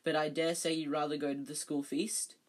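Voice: medium pitch, level tone, fairly quick, close to an everyday voice. A reader voicing an old male ghost who speaks eagerly and formally. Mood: dignified.

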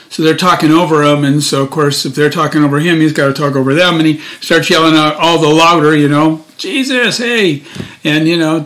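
Folksy older man giving a homily. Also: on the high side. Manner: chatty and folksy, many fillers and restarts. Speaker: deacon. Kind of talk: informal daily gospel reflection.

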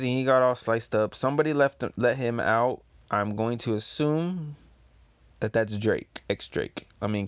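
A man's voice: lowish voice, dry recording. A man casually reading through and reviewing a comic chapter, rambling with lots of fillers.

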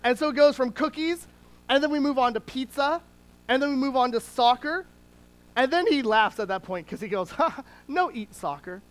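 A preacher and parent giving a sermon in a conversational teaching tone, with small restarts, slowing down to stress key words. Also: sits high, poor audio. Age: adult parent.

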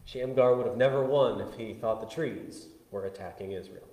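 A man pastor preaching a conversational sermon, swinging between loud bursts and hushed asides. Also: mid-range voice, normal speed. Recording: echoey hall with long reverb.

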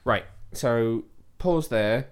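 A man's voice: mid-range voice, extremely slow, clean tone. A man hosting a casual film review chat, rambling a little and asking his co-host questions. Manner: rambling, many restarts, asks questions. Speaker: podcast host.

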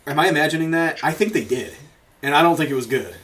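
A man's voice: on the high side, lively intonation, quick pace, fairly bright tone, a little hiss or hum. A man hosting a podcast, chatting casually and rambling through stories with frequent swearing and laughter. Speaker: podcast host. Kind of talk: casual chat.

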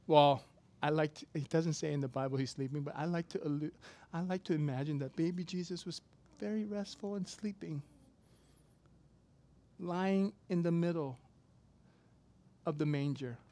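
A man preaching a sermon, telling a personal story casually with sudden loud, emphatic bursts. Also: a little high, normal speed, long pauses. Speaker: pastor.

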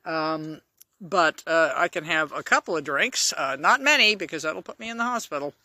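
A woman's voice: deep voice, lively intonation, normal speed, pushed and bright, dry recording. Woman rambling on her solo podcast, lots of ums, blunt, dry close mic. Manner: rambling and chatty, with many fillers and blunt asides. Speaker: podcast host. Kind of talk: casual solo podcast monologue.

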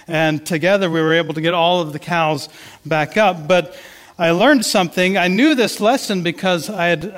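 Male pastor, conversational storyteller, fairly high voice, reverberant church hall. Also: fairly bright tone. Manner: storytelling, conversational with many restarts. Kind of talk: sermon.

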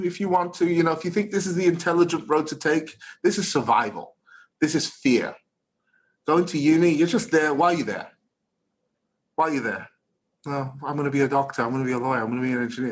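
This is an emphatic middle-aged man preaching success to a room of students. His pitch sits in the ordinary male middle range. He repeats his points again and again. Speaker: motivational speaker. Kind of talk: motivational talk to students.

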